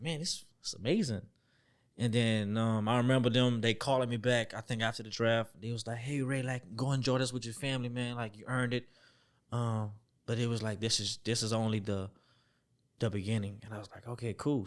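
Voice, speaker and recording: A young man telling a story as a podcast guest, acting out the voices he quotes, dropping to near-whispers and then jumping up loud. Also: medium pitch, fairly even intonation, a little fast. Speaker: podcast guest, former football player. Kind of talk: storytelling in a casual interview.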